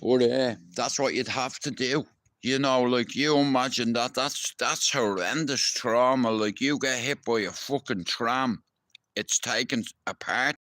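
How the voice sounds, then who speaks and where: A man's voice: medium pitch, measured pace, sharp tone, dry recording. A young Irish man ranting to his viewers in a heated, profane live-stream monologue. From Ireland.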